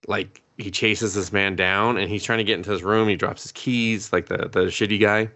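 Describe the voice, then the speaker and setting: A man's voice: lowish voice, normal speed. A man co-hosting a podcast, casually retelling an anime episode with lots of swearing and acted-out quotes. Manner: profane, animated storytelling, acting out quotes. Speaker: podcast co-host.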